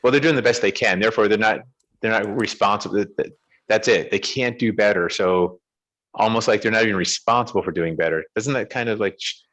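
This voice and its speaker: A man's voice: lowish voice, fast, fairly bright tone. A man co-hosting a podcast over a video call, questioning ideas and often restarting his sentences. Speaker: podcast co-host.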